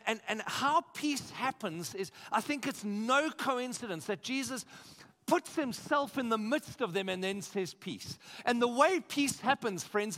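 High, bright South African preacher. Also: male voice. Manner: energetic, emphatic preaching with repeated phrases and audience questions. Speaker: pastor. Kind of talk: sermon. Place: church.

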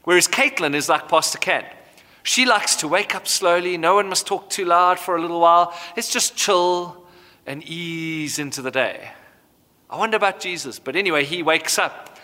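A man in his thirties, a pastor preaching a sermon with animated storytelling. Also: fairly high pitch, normal speed. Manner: animated storytelling, acts out voices. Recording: hall reverb.

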